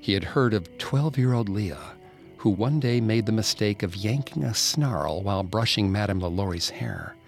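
A man narrating a ghost story in a scripted, dramatic way, dropping to a hush at tense moments. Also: on the low side, animated, normal speed, creaky, faint music behind.

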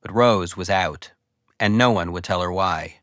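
A man narrates a documentary-style podcast with dry, wry timing. His voice sits low. He also asks the interview questions plainly. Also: unhurried, fairly bright tone, no room sound. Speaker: host and narrator.

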